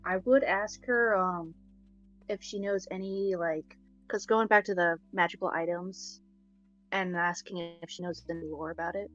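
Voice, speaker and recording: A woman's voice: on the low side, steady tone, normal speed, fairly bright tone, lo-fi sound, faint music behind. A woman playing in a tabletop role-play game who talks in a hesitant way, full of "like" and restarts. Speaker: player.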